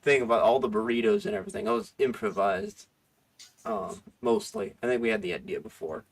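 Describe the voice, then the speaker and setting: A man's voice: medium pitch, lively intonation, fairly quick, gravelly. Rambling man hosting a livestream. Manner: rambling, self-correcting, laughs often. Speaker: livestream host. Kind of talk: casual livestream chat.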